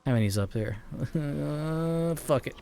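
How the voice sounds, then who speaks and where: A man's voice: on the high side, expressive, slow pace, gravelly, warm tone, a little hiss or hum. A man with a slight Southern US accent, chatting casually with viewers while streaming a game, rambling and laughing often. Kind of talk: casual gaming stream chat.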